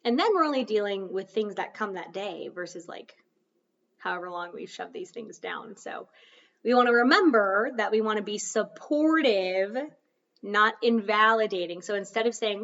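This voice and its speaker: A woman's voice: medium pitch, expressive, moderate pace, fairly bright tone, distant mic, lo-fi sound. A woman hosting a solo podcast, talking casually in a chatty, self-deprecating coaching tone. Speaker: podcast host.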